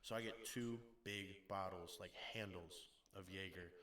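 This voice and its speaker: A young man, a podcast guest, telling a story in casual chat, animated and acting out the quotes. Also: deep voice, a little slow. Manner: animated storytelling, acts out quotes, laughs often.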